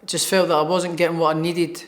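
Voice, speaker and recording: In a sports interview, a Scottish pro boxer speaks briskly in a fairly high voice with little pitch movement. He's upbeat and tends to repeat words as he starts his thoughts.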